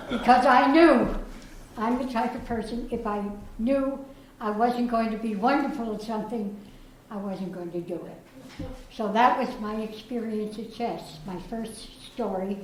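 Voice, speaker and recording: Speaking at a measured pace in a slightly high voice, an older woman from Germany tells stories while handing out prizes at a chess club reception. Her speech is a bit slurred because of dental work. There's slight background noise, faint ambience, and an echo from the room.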